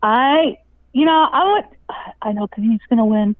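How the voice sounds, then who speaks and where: A woman's voice: on the high side, animated, measured pace, no echo. Effusive woman caller on a tinny phone line. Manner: effusive, emotional, laughs often. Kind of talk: casual chat on a live stream.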